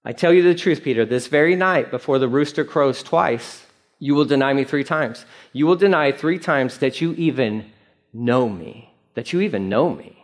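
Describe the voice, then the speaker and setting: A pastor voicing a gentle man calmly rebuking a friend, in his own voice but lower and quieter. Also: moderate pace, lightly acted. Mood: gentle rebuke. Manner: gentle and solemn.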